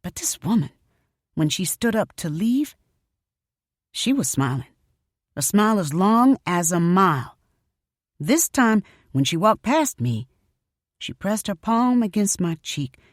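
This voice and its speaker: A woman narrating a story audiobook in an expressive first-person telling. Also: mid-range voice, a little slow, long pauses, dry recording, clean studio sound.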